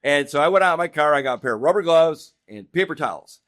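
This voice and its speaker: A middle-aged man appearing as a guest on a podcast, telling animated anecdotes and laughing often as he goes. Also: fairly high pitch, fast talker, no room sound, clean studio sound. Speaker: guest real estate agent. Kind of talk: casual podcast storytelling. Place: indoor podcast room.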